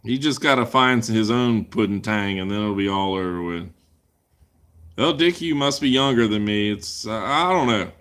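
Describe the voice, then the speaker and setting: A man with a lowish, clear, resonant voice, fairly bright in tone and lively in intonation, hosts a casual livestream Q&A at a normal speed. He rambles through viewer questions with crude joking banter.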